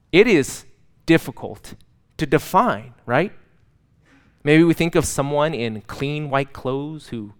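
A pastor giving a sermon, talking conversationally with light self-deprecating humor and building to dramatic emphasis on repeated words. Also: male voice, a little high, smooth.

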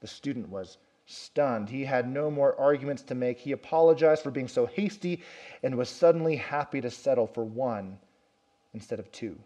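In a sermon, a pastor tells a story and dramatizes the quotes, his emphasis climbing and dropping. He is a man with a medium-pitched, dark-toned voice speaking at a normal speed.

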